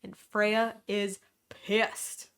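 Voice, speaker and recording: A woman hosting a book club podcast, casually retelling a plot with quick, jokey asides. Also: medium pitch, level tone, a bit bright, clear, resonant tone. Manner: quick, jokey retelling with playful voiced quotes.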